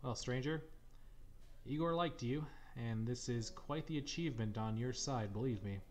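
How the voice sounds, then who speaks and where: A man's voice: mid-range voice, moderate pace, lightly acted. A man voicing a sly, folksy older bartender who is also a seer, reading a fan game's dialogue aloud.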